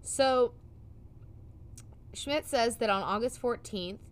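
There's a faint hiss or hum behind this woman's slightly high, slow voice. Co-hosting a casual podcast, she tells a story lively, playing out the quotes and laughing.

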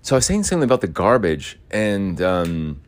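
Low-voiced young man rambling casually. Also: big pitch swings, fairly quick. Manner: rambling, loose, full of "like" fillers and swearing. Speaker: podcast host.

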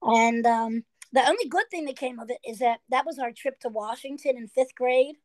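Older woman, high voice, storytelling. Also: normal speed, a little mellow, dry recording. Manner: storytelling, quoting family members. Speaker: guest. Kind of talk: casual reminiscing chat.

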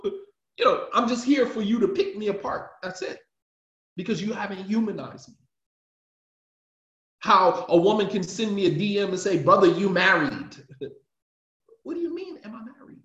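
A man's voice: high voice, measured pace, a bit bright. A man, an imam, giving an emphatic, impassioned religious class lecture and driving his points home with repetition. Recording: roomy, dull lo-fi sound.

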